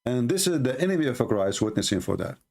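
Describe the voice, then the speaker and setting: This man hosts a live debate show, speaking with an Arabic accent as a native Arabic speaker. His medium-pitched voice makes big pitch swings and is creaky yet a little mellow, while he argues emphatically, repeating phrases and slowing for emphasis.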